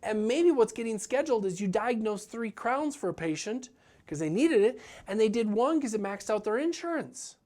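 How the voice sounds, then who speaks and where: A man's voice: sits high, sing-song, moderate pace, a little mellow. A man giving a motivational business talk as a practice coach, earnest and direct, often acting out what his clients say.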